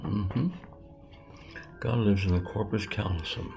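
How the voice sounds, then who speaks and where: A man in his seventies giving a rambling, halting spiritual lesson, often correcting himself. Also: lowish voice, steady tone, gravelly, background noise. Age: 70s. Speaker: self-styled metaphysics teacher.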